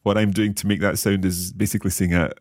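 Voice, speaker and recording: A man, co-hosting a language lesson as the curious learner who asks questions and repeats phrases slowly. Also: deep voice, flat delivery, a little mellow, no room sound, studio quality. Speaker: learner co-host.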